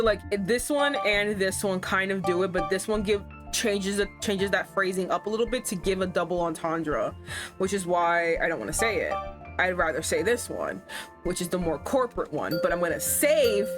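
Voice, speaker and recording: A woman's voice: fairly low pitch, animated, normal speed, music in the background. A young woman streaming a game, chatting casually, swearing freely and reading the story text aloud. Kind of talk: casual gameplay commentary.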